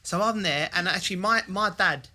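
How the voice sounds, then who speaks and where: An English man in his thirties chats eagerly, piling on "yeah"s and tumbling through his story. His voice sits a little high and sounds bright and forward. It has the relaxed, friendly feel of a sports podcast host. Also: normal speed. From England. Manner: eager, chatty, lots of "yeah". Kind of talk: casual chat.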